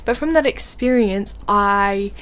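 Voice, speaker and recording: A young woman co-hosting a podcast in relaxed, casual chat. She tells her stories with plenty of laughs and lively swings in her voice, in a mid-range tone. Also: medium pitch, measured pace, a little hiss or hum. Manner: animated storytelling, laughs often. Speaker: podcast co-host.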